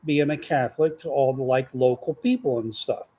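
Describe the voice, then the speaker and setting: Folksy older man, mellow voice. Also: medium pitch, normal speed, breathy edge. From Texas. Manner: rambling, folksy, meandering. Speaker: grandfather podcast host. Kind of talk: casual storytelling chat.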